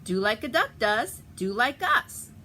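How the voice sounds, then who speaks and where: A woman's voice: on the high side, big pitch swings, measured pace, pushed and bright, a little hiss or hum, voice pushed up, heavily acted. Woman doing a stern mother duck. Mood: firm. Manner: firm, questioning.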